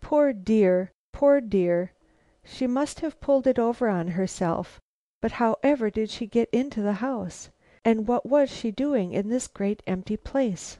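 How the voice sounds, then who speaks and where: Nervous scrub woman, shaky and stammering, a bit higher than the narrator, read by a woman. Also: a little slow, mellow, no echo, close to an everyday voice. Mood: pitying. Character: nervous, fussing working-class scrub woman.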